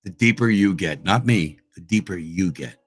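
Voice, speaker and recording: Low-voiced man in a profane rant. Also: normal speed, breathy edge. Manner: profane, combative, repetitive. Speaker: livestream host. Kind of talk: angry livestream rant.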